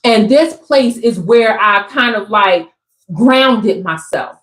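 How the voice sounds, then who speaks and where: A woman's voice: medium pitch, slow pace, a bit bright. A young woman giving a casual, emphatic spiritual pep talk to her viewers, repeating her points like a preacher. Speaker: spiritual content creator. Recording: echoey room.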